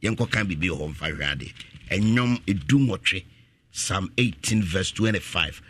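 A man preaching with a bright, forceful and slightly husky voice. His pitch leaps widely as he echoes scripture and pushes his appeals to a shout. The sound is dry and close. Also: animated, moderate pace. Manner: repeats each scripture line after the reader, rising to shouted appeals. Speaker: radio preacher. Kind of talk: call-and-response Bible preaching.

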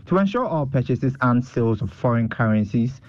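A man reading a news report in a measured, formal way. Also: mid-range voice, animated, a little mellow, no room sound, dull audio.

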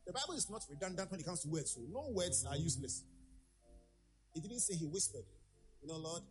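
A male preacher delivering a sermon, hammering home each point by saying it twice. His pitch rises and falls dramatically as he drives the message. Music plays clearly underneath him. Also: sing-song, fast, poor audio. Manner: emphatic, repeats key phrases, acts out quoted voices.

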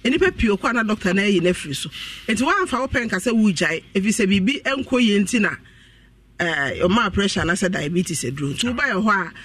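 A man's voice: high-pitched, sing-song, fairly bright tone. A man, a health practitioner guest on radio, explaining and giving health advice earnestly. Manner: rapid, earnest explaining and advising. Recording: voice distant from the microphone.

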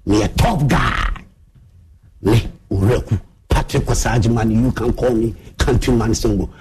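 A man's voice: mid-range voice, moderate pace, a little mellow, husky. A man with a Ghanaian accent, Twi his first language, giving a boastful, swaggering monologue as a show host.

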